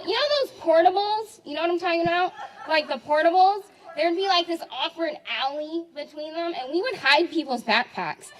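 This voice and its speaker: A woman in her twenties, the maid of honor, giving a jokey, animated wedding toast full of laughs. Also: very high voice, low-quality recording. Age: 20s. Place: wedding reception.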